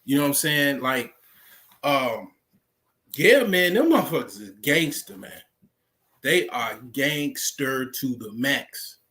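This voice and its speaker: A man's voice: medium pitch, sing-song, takes it slowly, bright, forceful tone. An American man talking in a casual, rambling monologue, full of fillers and profanity. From United States. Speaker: vlogger.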